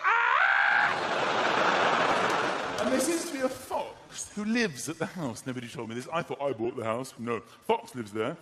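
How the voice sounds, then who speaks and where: A man's voice: medium pitch, sing-song, brisk, hardly any pauses, very noisy. A middle-aged man performing stand-up comedy, telling a story animatedly and acting out other people's voices. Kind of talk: stand-up routine. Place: live comedy venue stage.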